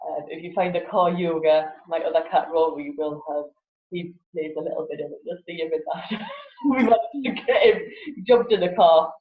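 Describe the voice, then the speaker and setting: A woman's voice: low-pitched, a little fast. A woman, a guest in a casual interview chat who laughs often and acts out voices animatedly. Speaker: guest, laughter yoga teacher. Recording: echoey, phone-like lo-fi audio.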